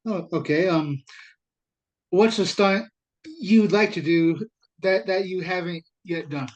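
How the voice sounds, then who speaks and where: A host in a relaxed interview speaks slowly and sparingly, with a mid-range voice. Most of what they say is a short reaction or a brief question to the guest. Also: medium pitch, lo-fi sound. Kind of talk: casual interview.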